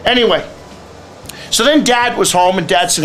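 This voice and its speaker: A man's voice: sits high, moderate pace, a bit bright, slight background noise. A man who is a youth speaker and life coach, giving teens blunt, lecturing advice in a direct monologue.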